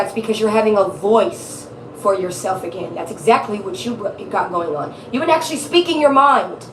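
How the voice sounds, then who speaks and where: A tarot reader gives a casual live reading, chatty, laughing often and swearing freely. Her fairly high voice is recorded off-mic from a distance in an echoey room, with a little hiss or hum.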